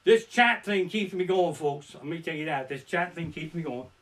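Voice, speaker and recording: Man, stand-up comic, crude profane stories, bright tone, swinging pitch, streaming from his living room. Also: animated, moderate pace, a little hiss or hum. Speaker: stand-up comedian. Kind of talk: live-streamed comedy set. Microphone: barebones home streaming mic.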